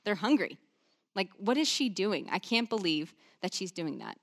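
A woman's voice: medium pitch, very animated, moderate pace, gravelly. A woman preacher voicing an overworked, exasperated hostess muttering indignantly under her breath.

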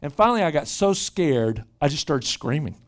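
Animated man preaching with vivid stories. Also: fairly high pitch, moderate pace. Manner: animated, repeats words when starting sentences. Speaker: pastor. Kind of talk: sermon with storytelling.

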